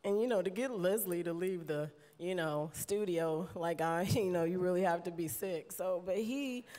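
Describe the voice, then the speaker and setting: A woman with a drawl delivers a tribute from a podium, her voice sitting fairly low. She talks in a loose, chatty way, laughing often and getting close to tears. Her words ring out in a large hall with a long reverb tail. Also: normal speed. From United States. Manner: warm, chatty, laughs often, mimics others in quotes. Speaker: award presenter giving an induction speech. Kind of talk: emotional tribute speech at a podium.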